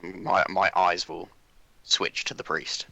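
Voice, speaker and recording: A man playing a tabletop game, lively and playful in character. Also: sits low, slow pace, creaky, no echo, dull audio. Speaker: player.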